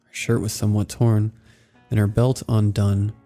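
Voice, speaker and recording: Gravelly, dark-voiced male horror narrator. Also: lowish voice, normal speed, soft background music. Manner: steady, somber storytelling. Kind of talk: scripted first-person horror narration.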